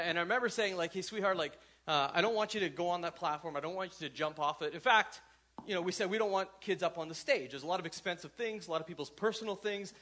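High-voiced pastor preaching conversationally. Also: male voice, bright, forceful tone. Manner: conversational, asks the congregation questions. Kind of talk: sermon.

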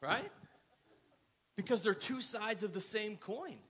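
A man's voice: high voice, lively intonation, slow, a bit bright, slightly rough. A man in his thirties, a pastor, preaching a sermon in a loose, conversational way, often checking in with the congregation. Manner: conversational, asks the congregation questions.

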